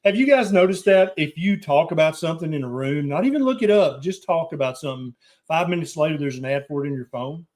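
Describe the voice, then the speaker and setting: A man's voice: a little high, expressive, fast talker, darkish tone. A man, a doctor, hosting a live question-and-answer stream, reading viewer questions and answering in a direct, reassuring way. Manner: plain-spoken, direct, reassuring advice.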